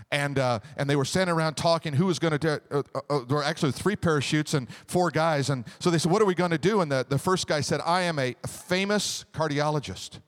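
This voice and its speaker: Man, pastor, animated sermon, high voice, storytelling with call-and-response.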